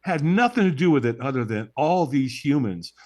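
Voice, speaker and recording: A man's voice: medium pitch, moderate pace. A man being interviewed as a guest, telling a story with drama and often checking in with "right?". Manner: animated, dramatic storyteller who acts out the moments; checks in with tag questions like "right?".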